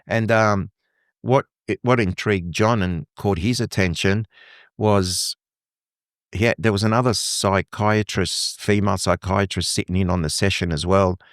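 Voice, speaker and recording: A man's voice: deep voice, fairly even intonation, unhurried, no echo, studio quality. A middle-aged man from Lebanon, a guest telling his story with animation and acting out quoted dialogue. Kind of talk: conversational interview.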